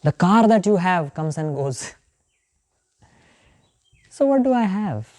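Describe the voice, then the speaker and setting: A woman with an Indian accent giving a spiritual lecture, telling a story in an animated way and acting out the characters' voices. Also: lowish voice, takes it slowly. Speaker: yoga and scripture teacher.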